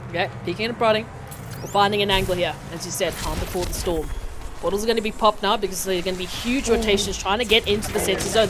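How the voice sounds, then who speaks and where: A woman with a South African accent doing play-by-play esports commentary, getting excited and loud at big plays. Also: mid-range voice. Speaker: esports caster.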